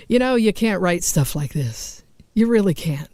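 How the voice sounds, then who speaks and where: Female storyteller host, self-mocking and animated, dry close sound. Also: on the low side, no room sound. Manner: animated, self-mocking, acts out quoted lines. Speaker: host telling funny stories. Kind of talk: storytelling monologue.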